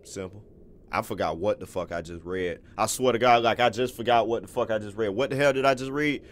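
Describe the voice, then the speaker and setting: A man's voice: lowish voice, brisk. Laid-back young man cursing casually. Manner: laid-back, profane slang. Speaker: gaming YouTuber. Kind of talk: casual let's-play commentary.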